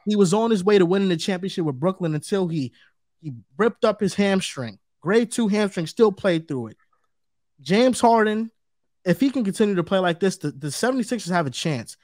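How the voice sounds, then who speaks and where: A man's voice: sits high, animated, brisk, a little mellow, no echo, clean studio sound. A man co-hosting a sports debate show, talking emphatically and repeating his points for stress. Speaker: co-host.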